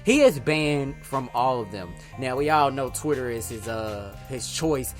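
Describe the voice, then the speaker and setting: A man's voice: medium pitch, big pitch swings, measured pace, soft background music. A man reading news stories aloud on his podcast, stumbling over words, then breaking into slangy, profane commentary. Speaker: podcast host.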